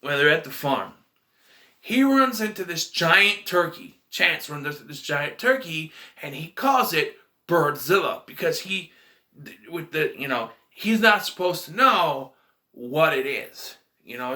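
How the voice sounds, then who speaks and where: A man's voice: a little high, very animated, measured pace, pushed and bright. A man casually reviewing a movie in a vlog, retelling scenes in a rambling, emotional way.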